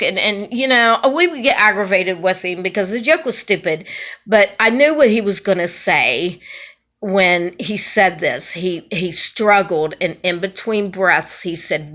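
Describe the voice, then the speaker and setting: A middle-aged woman, once a nursing home chaplain, telling a personal story in a halting, emotional way, with many restarts. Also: lowish voice, fairly bright tone.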